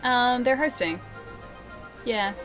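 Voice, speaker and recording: A woman's voice: on the high side, slow pace, a bit bright, faint music behind. A young woman livestreaming a game, chatting casually and giggling as she reads her chat aloud. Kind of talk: casual live-stream chat.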